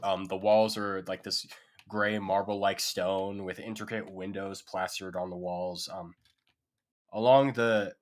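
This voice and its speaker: A man's voice: low voice, flat delivery, a little slow. A man narrating a tabletop game as game master, casual and full of fillers. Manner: casual, loose descriptions with many fillers.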